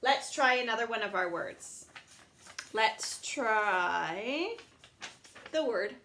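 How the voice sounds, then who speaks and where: A woman teaching young children in an online lesson, slow and patient, sounding words out in a sing-song teacher voice. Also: fairly high pitch, animated, sharp tone, a little hiss or hum.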